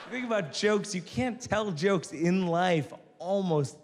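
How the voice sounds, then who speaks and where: A man's voice: sits high, expressive, measured pace, very noisy. Male stand-up comic, 40s, wry conversational delivery, long hall reverb, audience audible. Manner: wry, conversational, builds to loud punchlines. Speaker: stand-up comedian. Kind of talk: stand-up storytelling. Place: theater stage before an audience.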